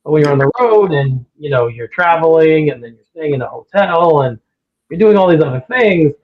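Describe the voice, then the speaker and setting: A man's voice: a little high, brisk. Opinionated man on a tinny line. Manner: opinionated, gets worked up and animated. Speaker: podcast co-host. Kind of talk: casual sports talk. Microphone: remote call over a livestream.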